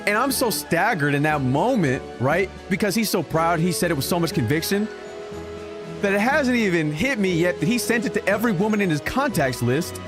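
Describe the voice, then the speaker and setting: Young guy streaming, telling a wild story, kinda high voice, music going in the back. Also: a little fast. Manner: animated storyteller, trails off and restarts. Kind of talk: casual storytelling while gaming. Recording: music playing in the background.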